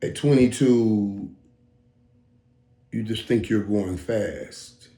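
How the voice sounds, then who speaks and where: A man in his fifties hosting a casual reaction monologue, talking emphatically with stammered restarts and dropping into low mutters. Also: drawn-out words, warm tone. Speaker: host. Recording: roomy echo.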